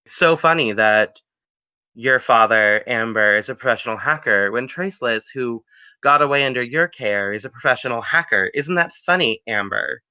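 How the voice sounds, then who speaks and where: A man's voice: mid-range voice, animated, normal speed, clear, resonant tone, no room sound, natural voice. A man voicing a suspicious female interrogator who questions with teasing sarcasm, on a dull lo-fi recording. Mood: sarcastic.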